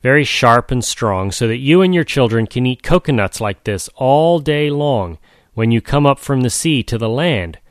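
A man's voice: mid-range voice, dry recording, studio quality, lightly acted. A man voicing a cheerful, generous little girl in a storybook reading.

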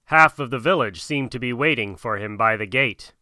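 A man reading a storybook aloud in an expressive, dramatic way. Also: medium pitch, normal speed, dry recording, studio quality. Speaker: narrator.

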